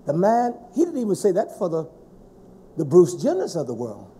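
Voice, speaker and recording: A man preaching a sermon in a fervent, emphatic way, with sudden shouted stresses. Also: sits high, wildly swooping pitch, normal speed, slightly rough.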